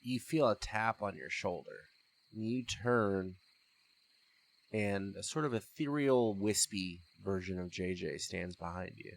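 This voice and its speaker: A man narrating a tabletop role-playing game as game master in slow, measured storytelling. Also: fairly low pitch. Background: background music.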